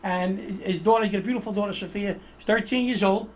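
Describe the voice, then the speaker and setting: A man's voice: sits high, fast, darkish tone. A man hosting a casual political chat show over a video call, joking and rambling as he introduces his guest. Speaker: host.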